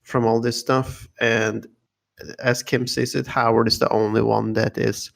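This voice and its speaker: This podcast co-host has a mid-range, creaky male voice with little pitch movement and an unhurried pace. He chats casually, rambling between points with many fillers and restarts, and laughs often.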